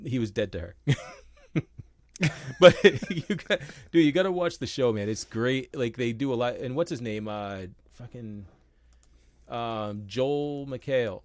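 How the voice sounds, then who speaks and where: A young man co-hosting a casual podcast, telling stories with animated quoted voices and casual swearing. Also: medium pitch, normal speed, dry recording. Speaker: podcast co-host.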